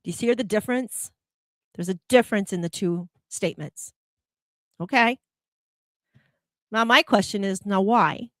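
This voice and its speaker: A woman's voice: mid-range voice, a little slow, long pauses, a bit bright, dry recording, clean studio sound. A woman hosting a spiritual motivational talk, probing her listeners with rhetorical questions. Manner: acts out quoted complaints in a heated voice. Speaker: host.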